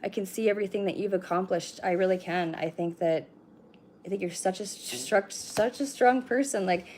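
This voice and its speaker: A woman's voice: medium pitch, normal speed, a little mellow, slight background noise. A middle-aged woman giving a casual card reading on a livestream, chatty, swearing now and then, and talking straight to her viewers. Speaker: livestream oracle card reader.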